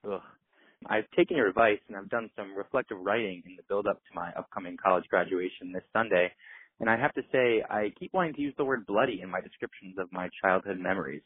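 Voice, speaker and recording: A young American man in his twenties leaves a recorded listener question in a wry, self-mocking tone. His voice is low and husky. It comes through a tinny, phone-like recording with no room sound. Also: quick pace, dry recording. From United States. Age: 20s. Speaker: listener caller. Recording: tinny phone-quality voice message.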